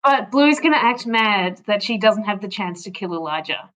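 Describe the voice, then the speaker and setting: A woman's voice: medium pitch, lively intonation, moderate pace, very noisy. A woman player in an online tabletop game, hesitantly thinking aloud about her character's choices. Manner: thinking aloud, hesitant, swears when frustrated.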